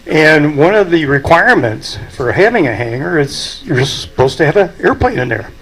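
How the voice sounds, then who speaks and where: A man's voice: on the high side, sing-song, moderate pace, a bit bright, poor audio. An older man, speaking at a memorial and telling folksy anecdotes with chuckles. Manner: folksy storytelling, chuckling at his own stories. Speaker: aviation club president giving a eulogy.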